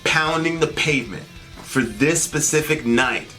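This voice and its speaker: A man's voice: a little high, lively intonation, a little slow, pushed and bright, faint music behind. A man co-hosting a political talk show, venting in indignant, sarcastic bursts. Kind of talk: heated political commentary.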